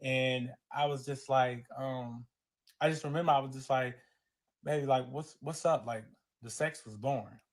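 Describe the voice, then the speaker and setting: A man's voice: medium pitch, fairly even intonation, normal speed. A man with a Southern US accent telling a painful personal story in dramatic fashion, acting out the people in it and crying as he goes. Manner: dramatic retelling with quoted voices, grows tearful.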